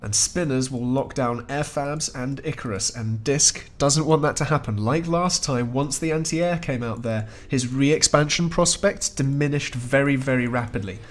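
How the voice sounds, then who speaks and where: A man's voice: medium pitch, normal speed, few pauses. A man giving chatty, wry play-by-play commentary on a strategy game match as the host, chuckling often. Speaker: esports caster.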